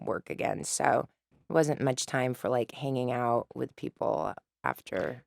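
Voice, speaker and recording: An actress guest chatting in a studio interview, telling stories in an animated way and mimicking voices, Russian her first language. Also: a bass voice, a little slow, gravelly, no echo. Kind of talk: casual interview chat.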